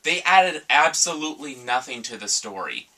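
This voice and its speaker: Male co-reviewer, blunt and profane, mid-pitched and bright, picked up from across the room. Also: animated, moderate pace. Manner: blunt and profane, mock-quotes in a sarcastic voice. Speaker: game reviewer. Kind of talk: casual review chat. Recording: voice from far off the mic.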